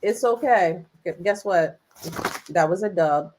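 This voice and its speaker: A woman co-hosting a podcast in candid casual chat, blunt and dismissive, dropping her voice low to wave things off. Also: a little slow, very noisy. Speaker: podcast co-host.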